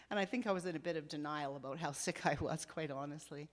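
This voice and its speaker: A middle-aged woman sharing a personal faith testimony with a church congregation, telling her story slowly and from the heart. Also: low-pitched. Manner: slow, heartfelt storytelling with soft dips.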